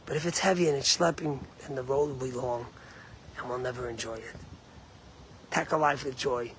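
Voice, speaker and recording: A man's voice: medium pitch, fairly even intonation, normal speed, fairly bright tone, slight background noise. A rabbi giving an emphatic sermon, mixing Hebrew and Yiddish terms into his English. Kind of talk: sermon on the weekly Torah portion.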